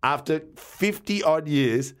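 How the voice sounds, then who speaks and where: A man's voice: a little high, expressive, takes it slowly. Rambling man telling stories. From Australia. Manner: rambling storyteller, restarts sentences, laughs often; swears casually. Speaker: podcast co-host. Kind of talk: casual chat.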